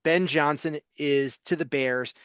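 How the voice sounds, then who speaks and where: A man co-hosting a sports talk podcast, speaking bluntly and casually, listing names in a steady run. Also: on the high side, measured pace, smooth, dry recording, lo-fi sound.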